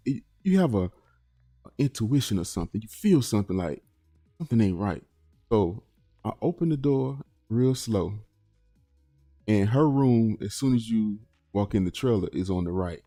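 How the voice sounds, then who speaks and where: A man's voice: warm tone, no room sound, clean studio sound. A man, casually telling a personal story to his viewers as a channel host, rambling with restarts. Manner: rambling with restarts, acts out quotes in a high voice.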